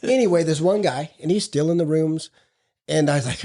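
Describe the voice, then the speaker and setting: A man's voice: on the high side, a little fast, gravelly, a little mellow. A middle-aged man co-hosting a recovery podcast, telling stories in a blunt, profane, casual way. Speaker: podcast co-host. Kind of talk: casual recovery group chat.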